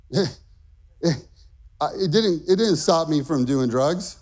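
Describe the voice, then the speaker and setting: Man, pastor, high-pitched, fervent sermon, emphatic. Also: a little slow, long pauses. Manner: impassioned, emphatic preaching with rising shouts.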